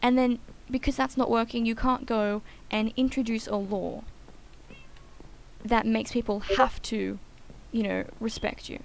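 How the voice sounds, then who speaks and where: A woman's voice: a little high, flat delivery, measured pace, gravelly, slight background noise, poor audio. A young woman in casual chat while gaming, rambling and opinionated, full of "like" and "um". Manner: chatty and rambling, frequent "like" and "um"; blunt and opinionated. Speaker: gaming channel co-host.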